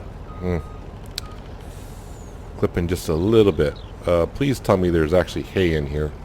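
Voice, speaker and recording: A gaming channel host with a low, darkish voice gives casual let's-play commentary while playing a farming game, with a little hiss or hum in the audio. He thinks aloud and rambles, using lots of fillers.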